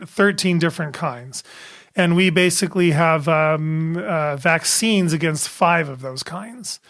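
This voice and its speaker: A man's voice: on the high side, a bit bright. A man co-hosting an educational health podcast as the doctor, explaining in a casual way with many fillers and restarts.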